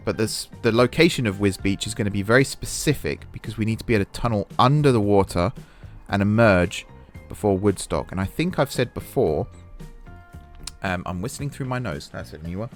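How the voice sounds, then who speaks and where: Soft music plays behind a man with a fairly low voice who talks fairly quickly as he narrates a building game for his gaming channel. The let's-play commentary is casual and chatty, full of thinking aloud while he builds and self-deprecating remarks about his mistakes.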